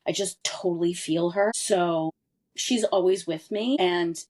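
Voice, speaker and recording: A woman in her forties speaks in an earnest, candid way, pressing hard on the words that matter. Her voice sits a little low. She tells a personal story as a podcast guest. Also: unhurried, a little mellow. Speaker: interview guest. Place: lived abroad in Europe.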